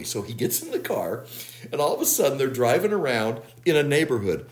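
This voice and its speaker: A man chatting on a podcast, his voice rising and falling widely as he retells a story. He keeps the telling lively and laughs through the funny parts. His pitch sits in the middle for a man. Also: moderate pace. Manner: animated storyteller, laughs while retelling plots. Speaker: podcast co-host. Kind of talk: casual episode recap chat.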